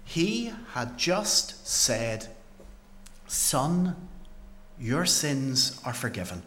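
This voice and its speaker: A man performing a dramatic first-person Bible monologue as a paralysed man healed by Jesus, with earnest storytelling and dramatic pauses. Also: mid-range voice, sing-song, a bit bright, slight background noise, full character voice. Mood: amazed.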